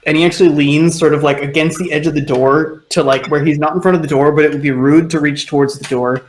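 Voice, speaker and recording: A man's voice: on the high side, steady tone, quick pace, slight background noise, poor audio. Guy running a tabletop game, rambly casual gm narration, lots of likes and sort ofs. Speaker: game master.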